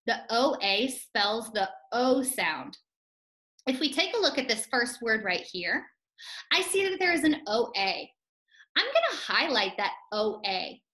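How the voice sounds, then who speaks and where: Slow, bright-voiced woman teaching phonics. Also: on the high side. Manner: slow, clear, sing-song teacher talk with chants. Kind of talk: first-grade phonics lesson. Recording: echoey room.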